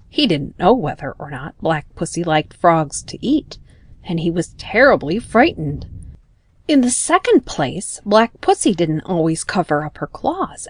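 A woman narrating a children's storybook in a gentle, expressive manner. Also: mid-range voice, no room sound.

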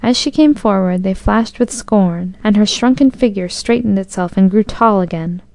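A woman narrating a storybook in a measured, expressive reading. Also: mid-range voice, gravelly, dry recording.

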